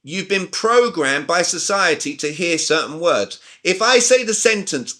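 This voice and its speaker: A man's voice: high-pitched, sing-song, a little slow, hardly any pauses, pushed and bright. A man in his forties with a British accent, coaching a group over a video call with emphatic questions. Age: 40s. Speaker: communication coach. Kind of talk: live online sales training.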